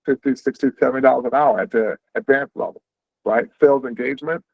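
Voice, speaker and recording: Man, host, video call, quick conversational talk, tinny phone-like sound, dry. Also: medium pitch, steady tone, creaky, no echo. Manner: quick, conversational, frequent "right?" check-ins. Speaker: company owner hosting an info session. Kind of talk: explaining career paths on a video call.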